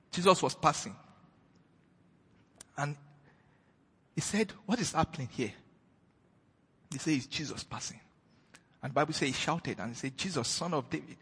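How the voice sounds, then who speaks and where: Male preacher, fairly high and very husky, emphatic sermon delivery, reverberant church hall. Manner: emphatic, swings between loud declaration and hushed retelling.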